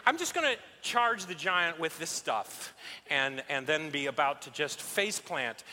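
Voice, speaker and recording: A man's voice: on the high side, slight background noise, voice pushed down. A male pastor voicing an eager young man rambling through a risky plan, in an echoing hall. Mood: breezy. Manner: excitable, rambling, salesman-like. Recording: echoey hall.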